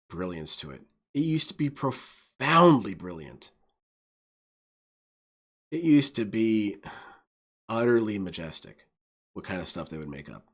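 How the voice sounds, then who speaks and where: A man giving enthusiastic, rambling let's-play commentary, often laughing. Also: mid-range voice. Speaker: gaming video host.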